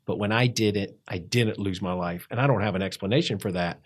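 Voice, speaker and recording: A man telling his life story in a conversational interview, reflective and halting, with frequent restarts. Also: lowish voice, slightly rough. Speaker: interview guest.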